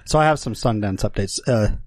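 A man co-hosting a casual podcast, easygoing and quick to laugh along. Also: lowish voice, no echo. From Utah. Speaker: podcast co-host. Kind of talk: casual chat.

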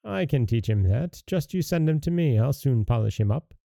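A man's voice: mid-range voice, expressive, moderate pace, vocal fry, warm tone, no echo, studio quality. A man voicing a sly, self-assured village sexton in a storybook reading. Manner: confident, sly.

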